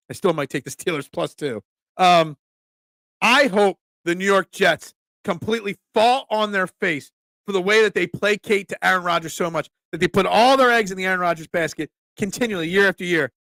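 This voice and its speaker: A man's voice: high-pitched, a bit bright, no room sound. A middle-aged man with a Delco accent from the Philadelphia area, rambling bluntly through casual sports talk and replies to chat as a host. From Delaware County, Pennsylvania. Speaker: host, pizza shop owner.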